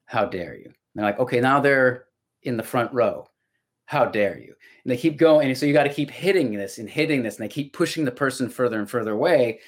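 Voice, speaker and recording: This mid-range, fast-talking middle-aged man is a voice actor chatting as a guest on a podcast. His tone is reflective and anecdotal, and he frequently starts his sentences over.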